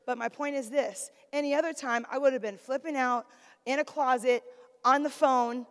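A middle-aged woman preaching a sermon, swinging from shouted exhortation to quiet, chatty storytelling. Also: high voice, fairly even intonation, moderate pace. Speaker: preacher, pastor's wife. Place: church sanctuary. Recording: long reverb of a church hall.

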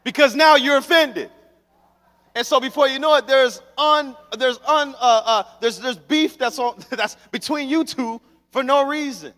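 A young man preaching a sermon as pastor, telling stories with lively, acted-out scenes. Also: very high voice, measured pace. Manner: animated storytelling, acts out scenes. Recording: long hall reverb.

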